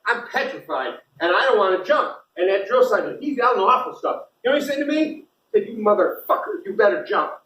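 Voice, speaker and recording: A man's voice: sits high, a little hiss or hum. A middle-aged man performing live in a small bar, telling stories and crude jokes with a lot of laughter, recorded from a distance in a roomy space. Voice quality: animated, profane, laughing through punchlines. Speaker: singer-songwriter performing live. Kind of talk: live stage storytelling and jokes.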